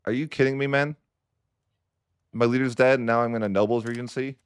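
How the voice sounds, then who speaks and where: A man's voice: medium pitch, steady tone, fairly quick, clear, resonant tone, no echo. Young male gameplay commentator, exasperated and sarcastic, clean resonant voice, dead-dry close sound. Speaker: strategy game streamer.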